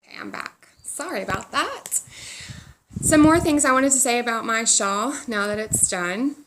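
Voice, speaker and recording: A woman with a slightly high, fairly bright voice and lively intonation hosts a knitting podcast at normal speed while sitting outdoors. She chats casually, rambles a little, and is self-deprecating as she talks. A little hiss or hum is audible.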